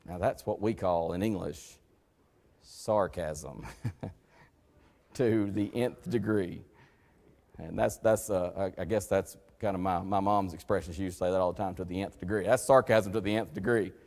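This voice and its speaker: A man preaching a folksy, conversational sermon, acting out the voices he quotes and swinging between loud emphatic lines and hushed, low passages. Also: a little slow, creaky. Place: church sanctuary. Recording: long hall reverb.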